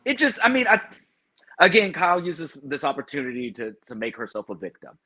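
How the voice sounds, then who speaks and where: Animated guy on a panel, bright and a bit husky, pitch jumps all over. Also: brisk, poor audio. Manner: animated, sassy, laughs a lot. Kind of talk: casual pop-culture review chat.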